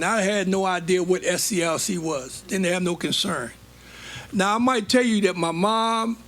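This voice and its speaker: An older man, telling stories from his life as a guest speaker on stage. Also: high voice. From United States. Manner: animated storytelling, plays out quoted dialogue. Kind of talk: storytelling on stage.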